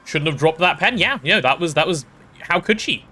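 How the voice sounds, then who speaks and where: A man's voice: on the high side, lively intonation, moderate pace, sharp tone. A young man chatting casually while streaming a game, rambling and playful with self-deprecating stories. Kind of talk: casual gaming stream chat.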